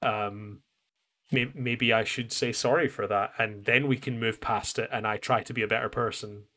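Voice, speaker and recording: A man's voice: on the low side, steady tone, moderate pace, pushed and bright. A man co-hosting a podcast, chatting casually and rambling as he recaps an anime, acting out lines. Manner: rambling, self-interrupting, acts out quotes. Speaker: podcast co-host.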